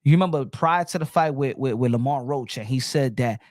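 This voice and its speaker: A man's voice: mid-range voice, fairly quick, darkish tone, dry recording, clean studio sound. A man hosting a boxing podcast in a casual, blunt and profane rant, often repeating words as he restarts his thoughts.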